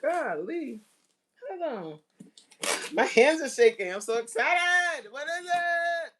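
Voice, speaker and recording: A woman coaching on relationships in a casual live-stream chat, excitable and talking straight to her viewers as y'all. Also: high-pitched, takes it slowly, crowd noise.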